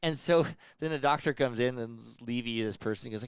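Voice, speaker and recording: A man's voice: medium pitch, fast talker, smooth, dry recording, clean studio sound. A man hosting a podcast in casual chat, joking and laughing often. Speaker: podcast host.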